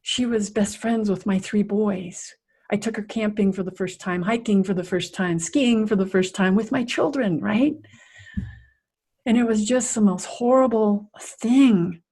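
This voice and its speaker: Middle-aged woman guest on a podcast, animated storyteller, acts stuff out, mid pitch. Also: a little slow, husky. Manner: vivid, animated storyteller who acts out scenes. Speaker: guest, resilience coach. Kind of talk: personal storytelling in a podcast interview.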